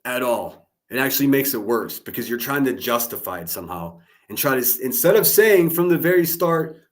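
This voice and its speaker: A man's voice: medium pitch, sing-song, a little fast, hardly any pauses. A man commenting live on a clip for his stream, talking with his chat in a heated, sarcastic, profane way.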